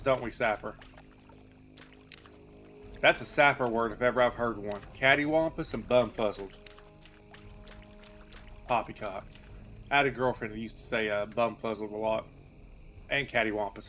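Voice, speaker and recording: A man's voice: lowish voice, moderate pace, long pauses, fairly bright tone, faint music behind. A man in his thirties streaming a game, chatting casually in a rambling, self-deprecating way. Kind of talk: casual chat while playing.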